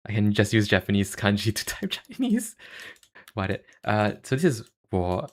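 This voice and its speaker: A man streaming, chatting casually about language tones in a halting way, with many fillers and self-deprecating asides. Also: on the low side, sing-song. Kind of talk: casual livestream chat.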